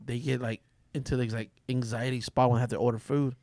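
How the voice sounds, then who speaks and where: A man's voice: medium pitch, steady tone, fast talker, darkish tone. A man co-hosting a podcast, telling a joking story about his kids in casual chat, swearing freely as he acts them out.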